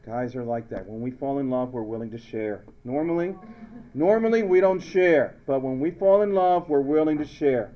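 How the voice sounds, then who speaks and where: In a joke-filled lecture, a male high school chemistry teacher plays around, tells stories and asks his questions more than once. He speaks at a normal speed in a medium-pitched voice. The recording is muffled, with a little hiss or hum.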